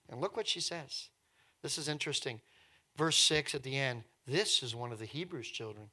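Speaking in a fairly high register, the male preacher turns his sermon into vivid storytelling. His volume rises and falls between hushed and loud, and he repeats words often.

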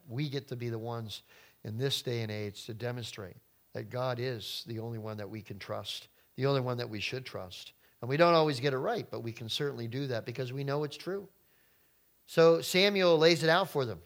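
A man preaching a sermon, reading scripture aloud and breaking in with lively rhetorical questions. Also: medium pitch, normal speed. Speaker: pastor.

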